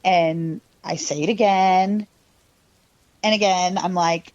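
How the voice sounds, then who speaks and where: A woman tells a scary personal story in a loose, rambling podcast chat, full of fillers and little laughs. Her voice sits on the low side. The recording is dry and slightly dull, with no room sound. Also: steady tone, slow pace, long pauses, a little mellow, no room sound. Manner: mimics her younger self and cousin in quoted lines. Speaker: podcast guest. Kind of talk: casual storytelling.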